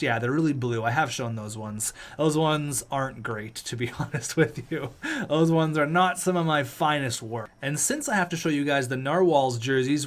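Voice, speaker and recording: A young man with a fairly high voice, chatting through a sports video game for his channel. He keeps it upbeat and playful, tossing jokes and asides to the viewers as the games roll by. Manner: upbeat, joking, talks to viewers. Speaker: gaming channel host. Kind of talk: casual video game commentary.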